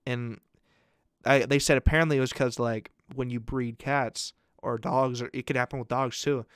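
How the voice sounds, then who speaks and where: A man's voice: medium pitch, steady tone, normal speed, smooth, no room sound, clean studio sound. Young man rambling crude podcast stories. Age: young adult. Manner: crude, rambling storytelling full of fillers. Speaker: podcast co-host. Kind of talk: casual podcast storytelling.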